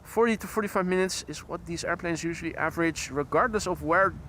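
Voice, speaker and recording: A man's voice: a little high, fast talker, fairly bright tone, slight background noise. A Dutch man hosting a live plane-spotting stream outdoors, chatting precisely about arriving flights and correcting his own wording. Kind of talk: live commentary with chat greetings. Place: outdoors by an airport runway.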